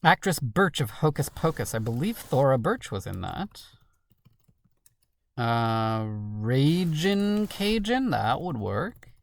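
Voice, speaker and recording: Woman with a very deep, slow voice, quietly mulling crossword clues to herself. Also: lively intonation, vocal fry. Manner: muttering to herself, musing and questioning. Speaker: crossword solver. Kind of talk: thinking aloud while solving a puzzle.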